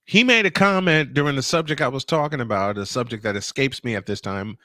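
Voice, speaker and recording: A man with a New York accent, co-hosting a podcast and telling stories in a lively, laughing way. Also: medium pitch, no echo, studio quality. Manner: animated storytelling, quick laughs. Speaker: podcast co-host. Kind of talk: casual chat.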